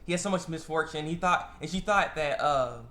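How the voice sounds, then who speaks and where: A man casually recapping an anime episode, rambling and excitable, full of fillers and restarts. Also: a little high, fairly quick. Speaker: anime reviewer.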